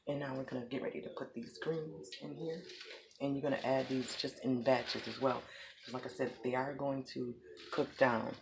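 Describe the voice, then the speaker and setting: A woman's voice: extremely low pitch, fairly even intonation, moderate pace, gravelly, background noise. A woman giving a chatty, folksy home cooking tutorial in her kitchen. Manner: chatty, folksy, talks to viewers as y'all. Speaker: home cook.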